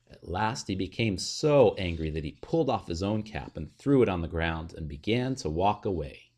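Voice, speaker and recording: A man reading a children's picture book aloud in an expressive, sing-song way. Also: on the low side, normal speed. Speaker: storybook reader.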